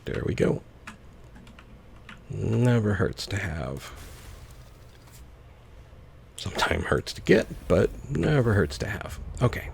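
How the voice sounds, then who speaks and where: A man's voice: fairly low pitch, big pitch swings, takes it slowly, creaky, pauses often, slight background noise. A man casually commenting on his own gameplay, musing aloud to himself as he plays. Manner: musing, talks to himself while playing. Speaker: let's play host.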